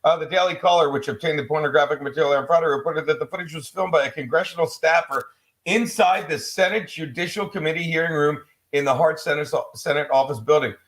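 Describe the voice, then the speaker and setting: A man with a somewhat high-pitched voice chatting on a casual livestream. He reads a news article out loud and keeps cutting in with sarcastic, profane remarks. His delivery is loose and unscripted. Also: quick pace. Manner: sarcastic asides, swears freely. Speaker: livestream co-host. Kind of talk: casual livestream chat, reading news aloud.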